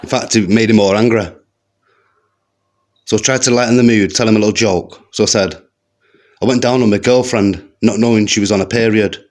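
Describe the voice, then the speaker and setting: This deadpan comic from the West Midlands works through one-liners and slangy asides in front of a live audience, speaking briskly in a lowish voice with long pauses. Laughter and faint crowd noise come through in the live recording.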